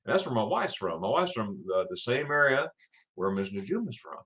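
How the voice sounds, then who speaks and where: A man's voice: medium pitch, sing-song, a little fast, a bit bright. A middle-aged man from Florida hosting a casual morning livestream, rambling, repeating his words and greeting viewers by name. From Florida, USA. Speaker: livestream host.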